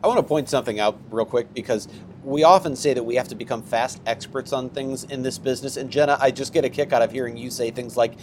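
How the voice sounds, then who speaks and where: A man's voice: medium pitch, quick pace, a little hiss or hum. A male co-host talking conversationally, rambling and restarting phrases. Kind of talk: casual news discussion.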